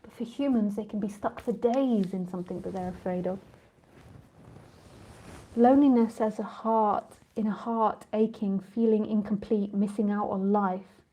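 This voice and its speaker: Mellow-voiced woman chatting loosely as a teacher. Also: mid-range voice, fairly even intonation, normal speed. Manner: chatty, rambling, laughs easily, goes off on tangents. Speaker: spiritual teacher. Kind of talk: casual live talk answering listeners.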